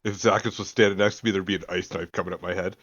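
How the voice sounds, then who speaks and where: A man's voice: low voice, steady tone, rapid-fire, fairly bright tone, no echo. A man playing in an online tabletop game, making dry, teasing remarks. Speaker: player. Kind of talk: casual chat over a voice call. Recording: dull, dry voice-call audio.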